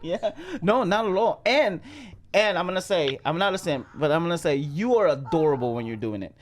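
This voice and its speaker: A man's voice: fairly high pitch, fairly quick. A man co-hosting a podcast, talking casually with lots of fillers and laughter. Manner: animated, laughs often, many fillers. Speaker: podcast co-host. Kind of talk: casual chat.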